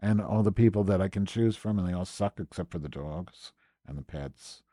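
A man's voice: sits low, moderate pace, warm tone, no echo, clean studio sound. A man hosting a live stream, ranting with exasperated, profane sarcasm as he comments on his screen. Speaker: podcast host.

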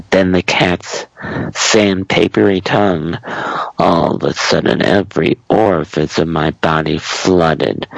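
A man narrating a comedic story in a slow, deadpan manner. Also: low voice, creaky, dry recording, poor audio.

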